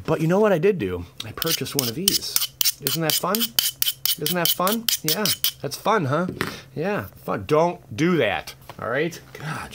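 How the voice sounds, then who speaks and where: A young man hosting a casual card pack-opening vlog, hyper and excitable with crude exclamations. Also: mid-range voice, a little hiss or hum. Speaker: card-opening YouTube host.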